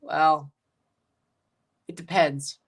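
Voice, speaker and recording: A man's voice: on the high side, flat delivery, drawn-out words. A man hosting a casual soccer watchalong livestream, rambling, chuckling and repeating himself as he reads out lineups and chats. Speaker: livestream host reading chat.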